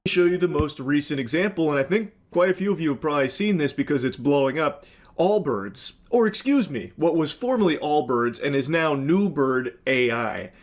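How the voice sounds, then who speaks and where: A man with a somewhat higher voice gives sarcastic, casual commentary. He swears now and then and speeds up as he goes. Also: expressive, moderate pace.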